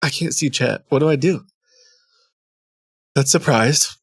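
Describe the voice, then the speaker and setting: A man streaming from home in a loose, rambling way, breaking off mid-thought and chuckling at his own fumbles. His voice sits at an ordinary middle pitch, close on the mic in a dry room with no echo. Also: slow pace, long pauses, slightly rough. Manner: rambling, self-interrupting, laughs often. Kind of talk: casual live-stream chat.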